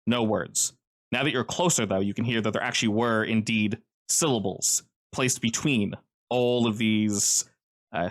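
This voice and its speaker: A man running a tabletop role-playing game, describing the scene in a casual, rambling way with frequent fillers. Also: on the low side. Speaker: game master.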